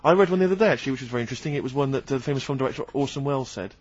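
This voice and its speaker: A man's voice: mid-range voice, rapid-fire, a little mellow, breathy edge, muffled recording. A man hosting a radio show, telling stories hesitantly and fumbling for words. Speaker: radio DJ host. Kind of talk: casual radio banter.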